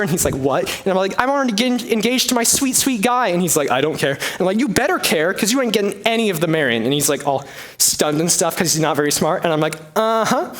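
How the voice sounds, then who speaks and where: A man's voice: sits high, a bit bright. A young man voicing a vain, sassy young lady who chatters like a valley girl.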